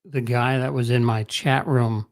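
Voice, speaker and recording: A man joining a casual livestream chat as a co-host, relaxed and a little hesitant. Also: medium pitch, a little slow.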